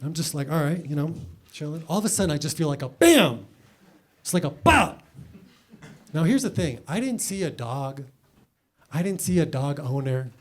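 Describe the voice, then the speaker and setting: A young adult man telling stand-up comedy stories with sarcastic, animated delivery and sudden loud bursts. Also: a little high, moderate pace.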